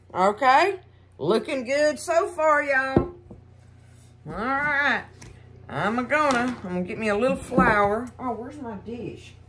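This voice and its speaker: A woman's voice: on the high side, fairly bright tone, a little hiss or hum. A woman hosting a casual home cooking demonstration in her kitchen, chatting folksily and calling her viewers y'all. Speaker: cooking show host.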